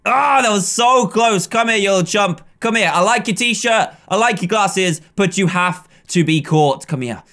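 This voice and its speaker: A gaming YouTuber, an English man in his twenties with a high voice, gives live commentary on a video game as he plays. He is chatty and playful, often jumping from calm remarks to excited yells as gaming commentators do, and he talks at normal speed with hardly any pauses.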